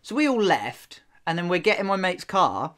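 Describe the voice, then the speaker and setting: Lively young man telling a story. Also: sits high, moderate pace. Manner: swearing, animated, acts out the people he quotes. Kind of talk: casual storytelling chat.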